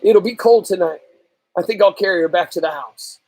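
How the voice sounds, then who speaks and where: A man voicing a grieving boy in a story reading, high and choked as he pleads. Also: a little fast, dark tone, no room sound. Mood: pleading.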